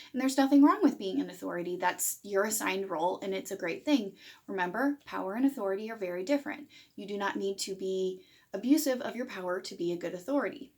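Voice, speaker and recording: A woman in her thirties giving a parenting lesson to camera, explaining plainly and acting out what a parent might say. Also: mid-range voice. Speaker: parenting educator.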